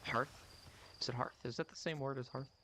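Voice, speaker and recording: A man's voice: medium pitch, steady tone, fairly quick, sharp tone, a little hiss or hum. A man playing a game and talking to himself in a rambling, casual way. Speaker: gamer playing and reading aloud. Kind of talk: casual gaming commentary.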